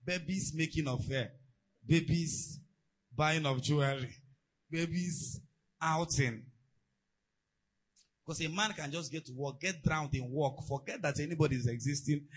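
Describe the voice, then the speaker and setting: A man preaching a sermon, telling stories and asides in an animated way. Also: fairly high pitch, measured pace, long pauses, husky, low-quality recording. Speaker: pastor.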